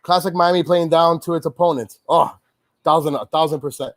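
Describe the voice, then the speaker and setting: Male sports host, fed up, rambling rant, slightly high voice. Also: steady tone, fairly quick. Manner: frustrated, swearing, rambling with restarts. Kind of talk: casual pregame-style sports chat, venting.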